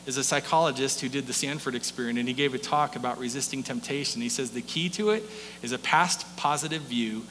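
A man preaching a sermon as pastor, in a conversational style full of rhetorical questions and quick asides. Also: mid-range voice, a bit bright. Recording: long hall reverb with faint hum.

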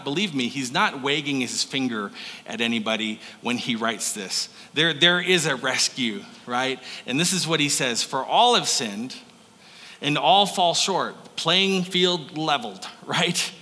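A man preaching a sermon in an animated, conversational way, often checking in with "right?". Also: on the high side. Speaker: pastor. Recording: echoey hall.

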